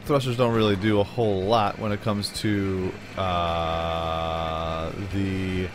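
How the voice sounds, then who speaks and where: A man's voice: sits low, slow pace, background noise. A man hosting a let's-play, chatting casually in slang, rambling and talking to himself as he plays. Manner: excitable, slangy, rambling, talks to himself while playing. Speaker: gaming channel host.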